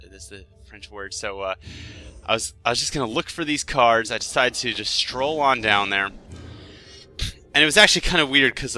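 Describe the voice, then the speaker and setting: Bright-voiced young man telling a story. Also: medium pitch. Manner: rambling, self-deprecating, animated when excited. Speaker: gaming video host. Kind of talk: casual storytelling over gameplay commentary. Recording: dry close mic with faint game music.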